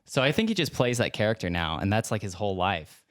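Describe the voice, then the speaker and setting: A man co-hosts a podcast in loose, joking banter with a rather low voice. He rambles and mumbles his asides. The sound is dry and close, with no room around him. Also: very animated, fast talker, fairly bright tone, no room sound. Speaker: podcast co-host.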